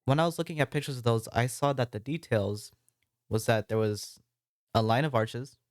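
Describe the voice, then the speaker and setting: A man's voice: mid-range voice, moderate pace, no room sound, studio quality. A man with an American accent, casually narrating his own gameplay with a rambling, apologetic, self-deprecating manner. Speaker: Minecraft building let's-play creator.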